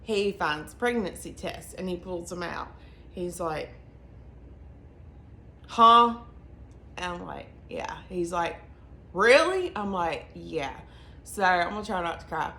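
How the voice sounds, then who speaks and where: A young woman with a Southern US accent telling her story to camera in a chatty, earnest way, racing through some phrases and slowing right down on others. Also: on the low side, fairly bright tone. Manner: chatty, earnest, quick bursts between slow emphatic phrases. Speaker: vlogger. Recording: echoey room with faint ambient noise.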